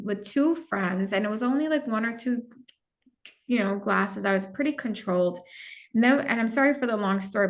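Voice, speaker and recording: A middle-aged woman, a podcast guest, telling a personal story in a candid, reflective way with some halting restarts. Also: mid-range voice. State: gets emotional at times.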